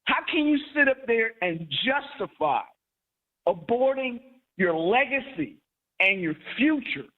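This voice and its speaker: A woman calling in to a live show, making her point in a deliberate, emphatic way and leaning on key words. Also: on the high side, very animated. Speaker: caller. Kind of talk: call-in comment. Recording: tinny phone line.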